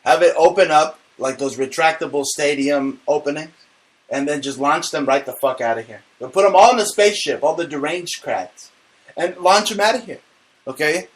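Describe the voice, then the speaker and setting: A man hosting a comedy talk show, ranting loudly and indignantly with stammered restarts. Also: fairly high pitch, normal speed, poor audio. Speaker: host.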